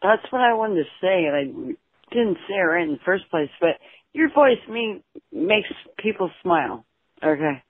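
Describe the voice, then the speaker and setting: Halting, earnest woman caller on phone. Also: on the low side, lively intonation, husky, no room sound. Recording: tinny phone voicemail.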